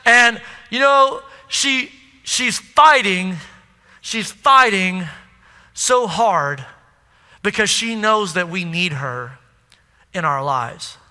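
A man's voice: extremely high pitch, moderate pace, bright, forceful tone, full character voice. A man retelling an earnest young man's story. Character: tender-hearted young man telling a family story. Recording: echoey hall.

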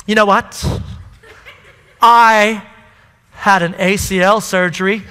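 Self-absorbed valley-girl snob, high and bright, played by a man in an echoey hall. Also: fairly even intonation, slow, slight background noise, full character voice. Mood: incredulous. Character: selfish valley-girl young woman.

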